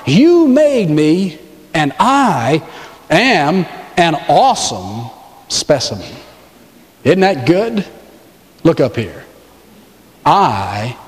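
A man preaching a sermon, animated, with dramatic pauses and big swings in his voice. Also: high voice, big-room sound. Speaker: pastor.

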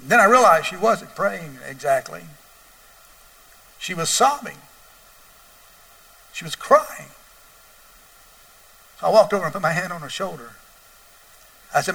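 Male pastor, storytelling sermon, bright tone, picked up from a distance. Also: high voice, animated, a little slow, creaky, long pauses. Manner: builds from quiet storytelling to loud, wailing emphasis.

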